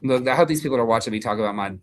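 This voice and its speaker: A man's voice: medium pitch, rapid-fire, a little hiss or hum. A man co-hosting a casual live stream, gushing in baby talk and cheering viewers on as he signs off. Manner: gushing baby talk, upbeat sign-offs. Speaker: co-host of a sewing shop live stream. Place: away from the shop, joining remotely.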